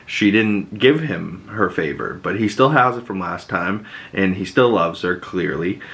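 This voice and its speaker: A man hosting a podcast, recapping a TV episode in loose, profane casual talk and slipping into quick acted quotes of the characters. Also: sits low, expressive, a bit bright. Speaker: podcast host.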